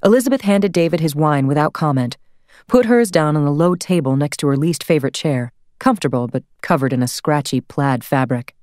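Woman narrating audiobook, low voice, dry close sound. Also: animated, fairly quick, darkish tone, dry recording. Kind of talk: scripted narration.

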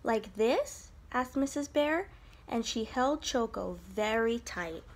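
A woman teacher reading a picture book aloud to children, in an expressive, sing-song way. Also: a little high, slow, slight background noise.

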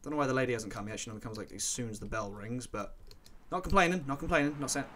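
A man commentating his own gameplay, muttering to himself and breaking into excited yelps. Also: mid-range voice, racing. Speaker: let's play gamer.

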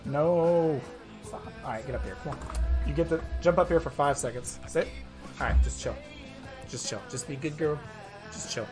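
A man's voice: fairly high pitch, normal speed, pauses often, music in the background. A man commentating his own live gameplay, muttering and swearing as the fight swings. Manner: excitable, swearing, muttering under breath. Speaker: game streamer.

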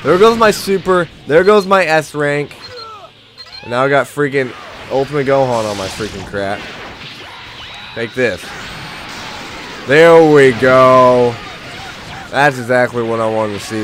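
Male let's play host, animated, chatty, prone to frustrated yelling. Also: mid-range voice, a little hiss or hum. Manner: excitable, swings from chatty to loud frustrated outbursts. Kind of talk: casual gameplay commentary.

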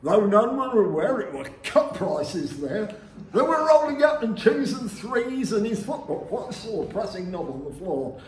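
A man performing a comic music-hall song at a folk club, half singing and half speaking, with theatrical shouted outbursts. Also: sits high, big pitch swings, a little slow, slight background noise. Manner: theatrical, with sudden shouted interjections. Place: live folk club room. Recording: echoey room with faint ambience.

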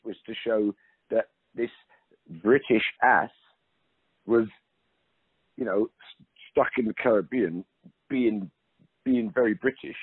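A man's voice: medium pitch, vocal fry, husky, no room sound. A middle-aged man talking as an interview guest, emphatic and chatty, restarting sentences and saying "you know" a lot. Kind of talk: casual conversational interview. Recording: narrow phone-like line.

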